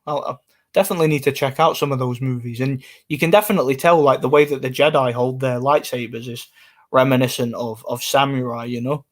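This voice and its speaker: A man's voice: medium pitch, steady tone, a little fast. Chatty young streamer man. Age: 20s. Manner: rambling, reads and answers chat comments. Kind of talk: casual live-stream chat.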